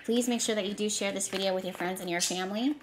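A woman's voice: medium pitch, fast, background noise. A woman giving a casual tarot reading straight to her viewers, talking emphatically and often repeating herself for effect. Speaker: tarot reader.

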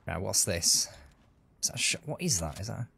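Guy streaming a game, chatty and upbeat, lowish voice. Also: animated, brisk, gravelly, pushed and bright, breathy edge. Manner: chatty, upbeat, self-narrating. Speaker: gaming streamer. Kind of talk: casual live-stream commentary.

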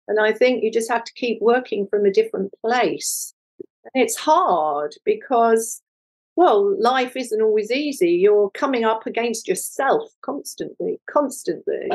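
An older woman, an artist being interviewed, telling a personal story in a lively conversational way and acting out the voices of people she quotes. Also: a little high, low-quality recording. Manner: animated, acts out quoted voices. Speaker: guest, multimedia artist.

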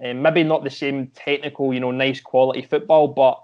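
A man's voice: mid-range voice, flat delivery, fairly quick, highs cut off. A young Scottish man, a former footballer, talking casually as a podcast guest and often restarting his sentences with repeated words. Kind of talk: casual interview chat.

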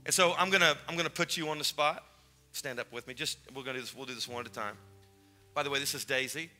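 A man preaches as pastor in a church sanctuary, delivering a sermon with an altar call before his congregation. His medium-pitched voice moves quickly with a bright, forceful tone, and faint music plays behind him. Fervent and urgent, he repeats his phrases while urging people to come forward.

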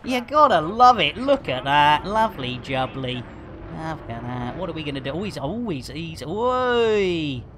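Slow, jokey man streaming a game. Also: on the high side, sing-song, slight background noise. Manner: jokey, punning, full of cheeky wordplay. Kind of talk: live gameplay commentary.

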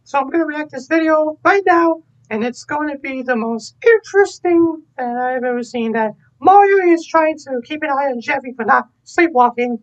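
A woman reacting to a video in a very high voice, excitable and quick to exclaim at the screen. The recording sounds dull and lo-fi.

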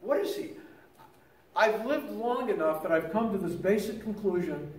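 A man's voice: high-pitched, expressive, moderate pace, slight background noise. Older man teaching, echoey and distant. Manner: conversational storytelling with many restarts. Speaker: lay teacher. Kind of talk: teaching talk on prayer.

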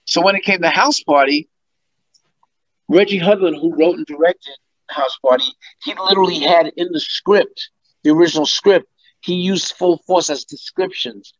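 A man's voice: on the high side, moderate pace, dry recording. Guy telling stories on a podcast interview, acts out quotes, dry dull audio. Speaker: guest musician. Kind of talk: interview storytelling.

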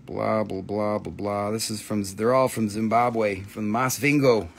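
A man's voice: fairly low pitch, steady tone, gravelly, slight background noise. Blunt, swearing live-sale host man. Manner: blunt, swears freely, quick price calls. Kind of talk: casual live-sales patter.

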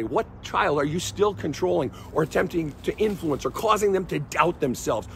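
A man's voice: on the high side, animated, normal speed, vocal fry, few pauses, a little hiss or hum. A middle-aged man, a therapist, giving blunt, emphatic commentary straight to camera, driving his points home with repeated questions.

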